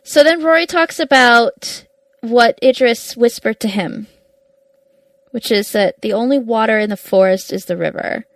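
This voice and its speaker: A woman's voice: a little high, measured pace, dry recording, rough recording. A woman co-hosting a podcast who chats casually about a TV episode, adding details and corrections in a matter-of-fact way. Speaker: podcast co-host. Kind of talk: casual chat recapping a TV episode.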